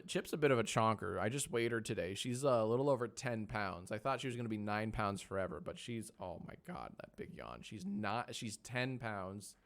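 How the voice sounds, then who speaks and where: A man in his thirties casually streaming from his home editing room, joking with chat, running polls and cooing at his dog. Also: on the low side. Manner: soft baby talk to his dog.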